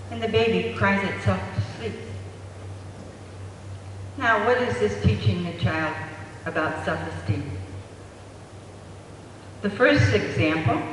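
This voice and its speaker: A man giving a public talk on parenting. He tells stories animatedly and acts out the quotes. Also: high-pitched. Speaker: parenting speaker. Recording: echoey hall from far off, faint noise.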